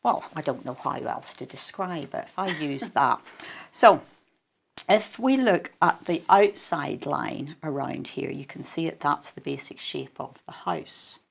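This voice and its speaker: A woman, a quilting expert, explaining a craft demonstration on a shopping channel in a chatty way with frequent pauses. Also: sits low, animated, vocal fry, breathy edge.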